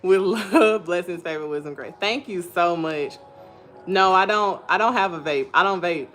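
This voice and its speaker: A young woman hosting a casual live stream. She reads viewers' comments aloud and tells stories in an animated way, laughing often. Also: fairly low pitch, moderate pace, faint music behind.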